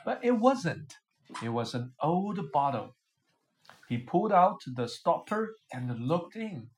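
Animated woman reading a children's story. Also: low-pitched, takes it slowly, a little hiss or hum. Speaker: storybook reader.

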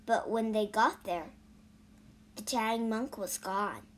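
A woman slowly narrating a children's story for learners and spelling out words. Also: on the high side. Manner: slow and clear, spelling words out. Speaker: storyteller and English teacher.

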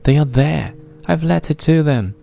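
A man's voice: fairly high pitch, a little slow, creaky, warm tone, voice pushed up. A man voicing a distraught little round man who gasps and pleads. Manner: gasping, pleading.

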